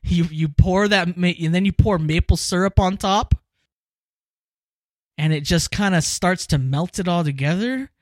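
A man hosting a podcast, chatting casually and explaining things with emphatic, animated enthusiasm. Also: high-pitched, unhurried, dry recording. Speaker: podcast host. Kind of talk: casual chat.

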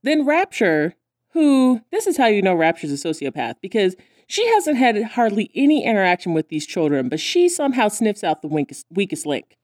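A woman's voice: mid-range voice, big pitch swings, moderate pace, a little mellow, no echo, studio quality. A woman co-hosting a casual podcast, recapping a cartoon and acting out the characters' lines in voices. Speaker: podcast co-host.

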